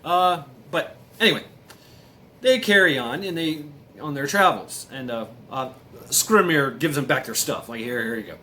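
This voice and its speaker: A man's voice: a little high, animated, a little slow, pushed and bright, a little hiss or hum. A man casually retelling a myth, rambling and hesitant with many fillers. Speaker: storyteller.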